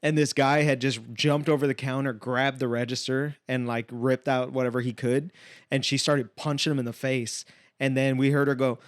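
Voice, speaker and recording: A young man with a Texan accent, co-hosting a comedy podcast and telling stories in an animated, profane way. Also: medium pitch, moderate pace, dry recording, studio quality. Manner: animated, swears freely, acts out quotes. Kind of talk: casual comedic storytelling.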